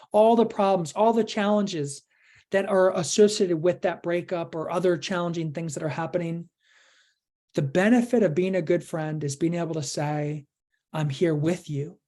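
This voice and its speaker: A woman's voice: fairly low pitch, warm tone. A woman presenting an online workshop, speaking in an earnest, coaching way and asking the listeners questions.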